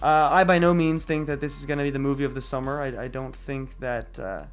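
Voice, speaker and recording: A man's voice: medium pitch, steady tone, a little fast, clear, resonant tone. A man giving a casual spoken movie review, talking loosely with restarts and fillers. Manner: conversational, many restarts and fillers.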